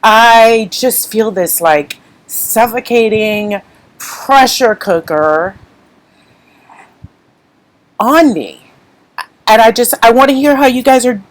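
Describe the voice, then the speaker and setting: At home, a woman hosts a live craft stream, speaking to viewers candidly and emotionally as she fights back tears. Her rambling, unscripted talk is slow and full of pauses, in a slightly high, animated voice. The recording quality is poor.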